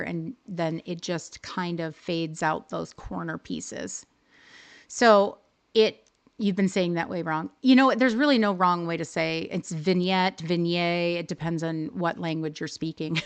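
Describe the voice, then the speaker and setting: A woman hosting a live stream, casually explaining how to use in-game photo settings and often rephrasing herself as she goes. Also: on the low side. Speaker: livestream host teaching game photo editing.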